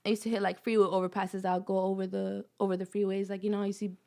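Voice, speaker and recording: A woman's voice: mid-range voice, little pitch movement, quick pace, vocal fry, warm tone. A woman in her twenties from Los Angeles, a rapper being interviewed, talking casually and animatedly, laughing often and swearing freely. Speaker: rapper guest.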